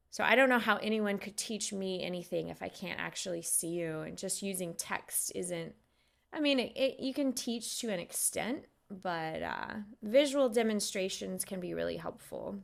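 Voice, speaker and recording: A woman's voice: medium pitch, gravelly. A young adult woman, a yoga instructor, chatting casually with viewers on a live stream and answering their questions.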